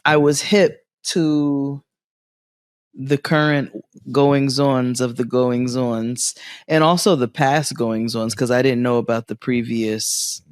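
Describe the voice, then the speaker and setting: Animated male podcast co-host, dry sound. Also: mid-range voice, clean tone, no room sound. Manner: animated storyteller, quick bursts and laughs. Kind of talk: casual comedic chat. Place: living room.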